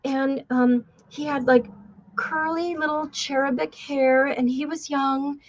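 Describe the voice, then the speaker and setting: A woman's voice: high-pitched, fairly even intonation, takes it slowly, highs cut off. A woman hosting a podcast, telling a story in a blunt, sarcastic and profane way. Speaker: podcast host. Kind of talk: casual storytelling.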